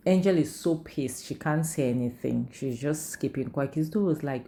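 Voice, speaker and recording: Low gravelly woman. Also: moderate pace, few pauses, dark tone. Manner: chatty, heavy use of "like" and "you know". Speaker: film reviewer. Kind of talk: casual movie recap and commentary.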